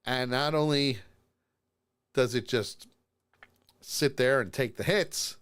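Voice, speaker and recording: A man's voice: medium pitch, slow pace, clear, resonant tone. A tired man co-hosting a live-streamed podcast, casually recapping a show and acting out lines with frequent laughs. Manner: animated storyteller, acts out quotes and laughs often. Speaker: podcast co-host. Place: streaming from home.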